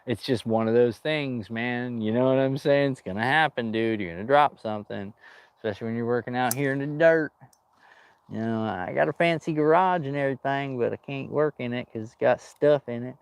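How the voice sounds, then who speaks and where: He speaks a little fast in a clean, medium-pitched voice, recorded dry. A boat restoration vlogger working outdoors, he chats, rambles and jokes with viewers, calling them dude often.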